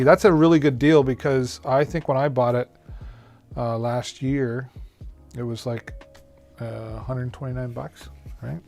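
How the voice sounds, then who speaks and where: Casual male streamer at his home setup, chatty and folksy, pitching deals over soft background music. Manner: chatty, folksy, many fillers and restarts. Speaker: live-stream host reviewing deals. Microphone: studio microphone on a mixer.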